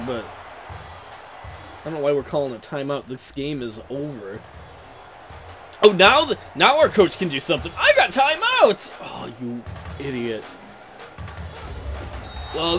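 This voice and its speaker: A man's voice: fairly high pitch, fairly bright tone. A young man commentating his own football video game, frustrated and ranting at the coach. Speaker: gaming commentator. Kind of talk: let's play commentary.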